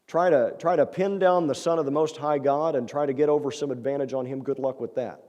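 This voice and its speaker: A male pastor delivers a sermon in a church sanctuary, speaking earnestly and conversationally and posing rhetorical questions to the congregation. His warm, mid-range voice moves a little fast with fairly even intonation, and the muffled recording carries a long church-hall reverb.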